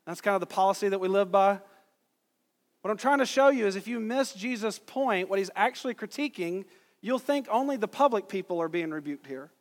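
A man in his thirties preaching a sermon as pastor, conversational and self-deprecating, asking the congregation rhetorical questions. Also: high voice. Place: church sanctuary. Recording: long reverb of a church hall.

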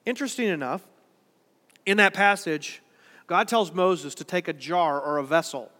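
A male pastor delivers a sermon to his congregation at a moderate pace, his bright, high voice trailing a long hall reverb through the worship center. He starts conversationally and builds to emphatic peaks.

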